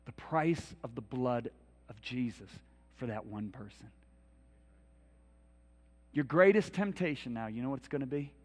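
Middle-aged man, preacher in a church, lively anecdotes, builds to loud appeals. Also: mid-range voice, measured pace, long pauses. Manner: storytelling, animated, rising to loud pleas. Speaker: minister. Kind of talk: sermon. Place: church hall.

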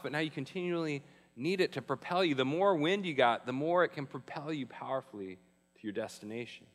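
Bright-voiced preaching man in a reverberant hall. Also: mid-range voice. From Arizona, US. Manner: conversational, emphatic preaching with slowed key phrases. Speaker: pastor. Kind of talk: sermon.

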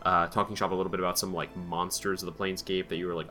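Deep-voiced man running a tabletop game. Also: quick pace, faint music behind. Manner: relaxed, rambling narration with frequent fillers. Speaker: game master.

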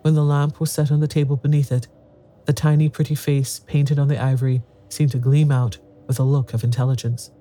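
Dark-voiced man narrating a story. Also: mid-range voice. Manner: measured, even storytelling. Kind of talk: audiobook narration.

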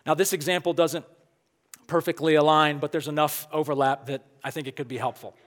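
A high-pitched pastor preaches a sermon, earnest and emphatic, driving his point home by asking the congregation questions. He speaks fairly quickly with fairly even intonation, and a long, ringing reverb like a church sanctuary's carries his voice.

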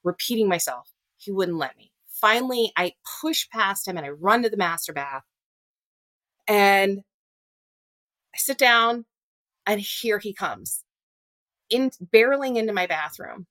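A woman telling her own story in an interview, earnest and halting, often restarting and acting out what was said. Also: mid-range voice, lively intonation, a bit bright, no echo. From Louisiana. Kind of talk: personal storytelling in a podcast interview.

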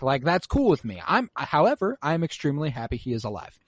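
A man recapping a show episode in casual chat, animated and swearing freely as he acts out his reactions. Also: fairly high pitch, brisk, few pauses, no echo. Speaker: podcast host recapping an episode.

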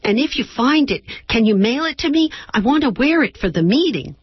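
A woman reading aloud and voicing a college-age daughter who talks quickly and insistently on the phone. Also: fairly high pitch, sing-song, husky, no echo, highs cut off, pitched above the performer's own voice. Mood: eager, impatient.

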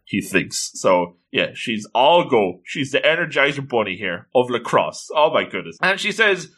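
Man, animated story recap, lively swooping pitch, bright voice, playful. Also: moderate pace, hardly any pauses. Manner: animated and playful, jokey asides.

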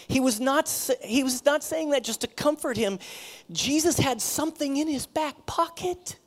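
A man, a pastor, preaching a sermon in a conversational, animated way, often repeating himself. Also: very high voice, normal speed.

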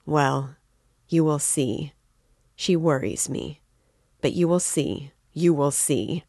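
Woman voicing a fretful mother, worried and chatty, gravelly edge, dry close sound. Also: sits low, expressive, slow pace, darkish tone, no echo, full character voice. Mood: anxious. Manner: worried, talkative. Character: anxious fretful middle-aged mother, woman.

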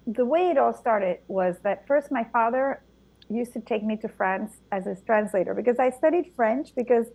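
A woman's voice: fairly high pitch, normal speed, gravelly, warm tone, muffled recording. A middle-aged woman from Argentina, a native Spanish speaker, telling her stories animatedly in an interview, with frequent restarts. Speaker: guest, vintner and physician. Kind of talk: conversational interview.

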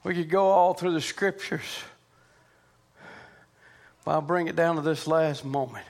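A man preaching a sermon, dropping low and hushed and then climbing into loud, shouted preaching cadences. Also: measured pace.

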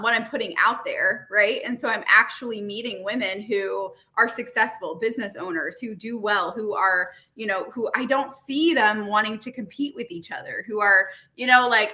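A woman talking earnestly in a casual conversation, with lots of "like" and "you know". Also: medium pitch. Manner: earnest, animated, many fillers.

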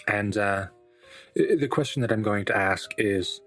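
A man's voice: on the low side, a little slow, fairly bright tone, faint music behind. A man playing a tabletop role-playing game, hesitant and thinking aloud with many fillers. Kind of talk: casual actual-play chat.

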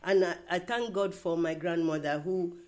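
A woman's voice: lowish voice, steady tone, normal speed. An older woman with a foreign accent, telling stories in a casual chat, full of fillers and restarts. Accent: foreign-accented English. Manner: warm storytelling, many "you know" fillers and restarts. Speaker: interviewee.

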